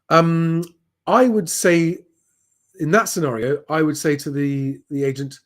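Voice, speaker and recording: Speaking at normal speed with a fairly high pitch, a man hosts a live property advice session. He reads viewers' comments aloud and replies in a chatty, down-to-earth way, frequently saying "um."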